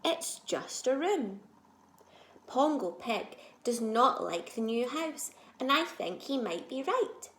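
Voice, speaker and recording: A woman teacher reading a children's storybook aloud, expressive, moving between soft asides and loud moments. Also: a little high, slow pace, reverberant, a little hiss or hum.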